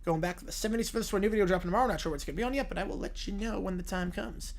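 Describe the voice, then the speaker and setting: A man's voice: high-pitched, racing, gravelly. A man hosting a sports livestream, chatting offhandedly as he wraps up the show. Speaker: livestream host. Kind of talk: casual livestream sign-off.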